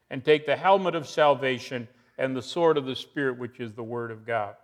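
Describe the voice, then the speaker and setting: A man's voice: fairly high pitch, fairly bright tone. Man preaching an earnest sermon. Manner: earnest preaching, retelling scripture with rising emphasis. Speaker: pastor.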